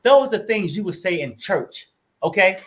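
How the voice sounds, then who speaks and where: A high-pitched man hosts a lively panel chat over a video call. His voice swings widely in pitch as he talks animatedly, cutting in and repeating names again and again. He sounds like a man in his fifties. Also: normal speed, heavy background noise. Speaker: show host.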